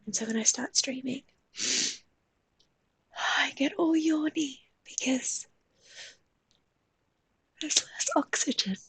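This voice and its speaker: A woman talks in a soft, mostly whispered voice and yawns often as she chats with viewers on a live stream while she draws. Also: sits high, slow, vocal fry, long pauses, a little hiss or hum.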